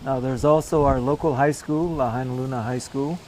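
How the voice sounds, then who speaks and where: A man's voice: mid-range voice, steady tone, brisk, a loud crowd, poor audio. An older man co-hosting a local show, speaking plainly with many hesitant fillers. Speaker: co-host, real estate agent. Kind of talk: casual promotional chat.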